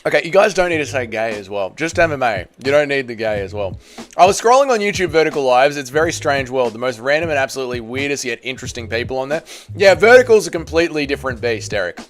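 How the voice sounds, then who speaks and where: Australian male streamer, mid pitch, animated, slangy banter. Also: fast. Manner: chatty, rambling, slangy, jokey. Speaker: MMA channel livestream host. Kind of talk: casual livestream chat, reading viewer comments.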